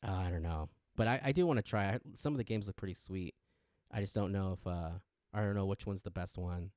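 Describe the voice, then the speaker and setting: A man co-hosting a casual podcast, an animated storyteller who acts out quotes. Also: low voice, fairly quick, no room sound, studio quality. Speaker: podcast co-host. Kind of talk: casual chat.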